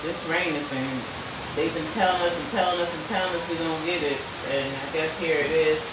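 A woman's voice: low-pitched, fairly even intonation, fairly quick, distant mic, heavy background noise. A woman, chatting frankly and preaching a bit as a tarot reader on a casual live stream. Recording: echoey room, away from the mic.

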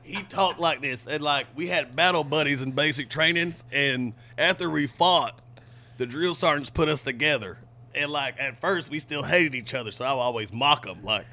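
A man, a podcast guest, telling stories in a relaxed, laughing chat. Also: a little high, moderate pace. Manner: laughing storyteller, animated. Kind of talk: casual chat.

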